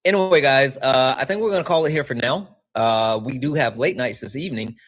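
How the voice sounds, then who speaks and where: A man hosting his own livestream, chatting loosely with viewers. He swears freely and breaks into laughter often. His voice sits at a middle pitch. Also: a little fast. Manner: profane, animated, laughing often. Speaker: livestream host. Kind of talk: casual livestream chat.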